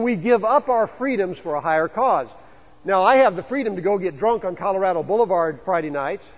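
Male pastor, high and husky, preaching in a church with long reverb; chatty, questions the room. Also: highs cut off. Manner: conversational, asks the congregation questions. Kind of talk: sermon. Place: church sanctuary.

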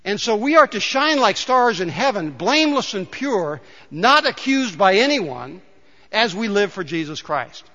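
A male pastor with a high, bright voice delivers a sermon in a church sanctuary, his words trailing off into a long hall reverb. He shifts between easy storytelling and emphatic calls to the congregation. The sound is slightly dull and muffled. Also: sing-song, a little slow. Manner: rises to emphatic calls to the congregation, tells jokes.

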